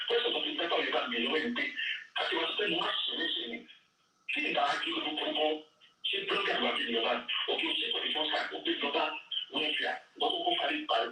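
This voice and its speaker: A man with a Nigerian accent giving animated, emphatic answers in an interview. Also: on the high side. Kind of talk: interview answers mixing Yoruba and English. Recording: echoey room from far off.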